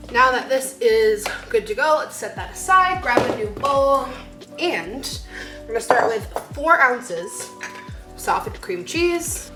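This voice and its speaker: A young woman in her twenties chatting casually through a home cooking vlog, bubbly, giggly and poking fun at herself. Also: fairly high pitch. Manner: bubbly, giggly and self-mocking. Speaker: lifestyle vlogger. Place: home kitchen. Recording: echoey kitchen with music underneath.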